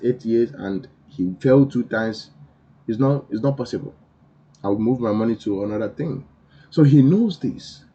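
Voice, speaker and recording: Insistent husky man hyping crypto. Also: mid-range voice, darkish tone. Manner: insistent, repetitive, preachy. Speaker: crypto channel host. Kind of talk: emphatic crypto commentary. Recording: dull lo-fi recording.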